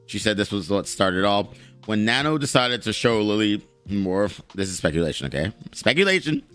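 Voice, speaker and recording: A male streamer with a somewhat low voice rants through casual live commentary, blunt and profane. Faint music sits underneath him. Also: a bit bright, clear, resonant tone. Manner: blunt, profane, heated ranting.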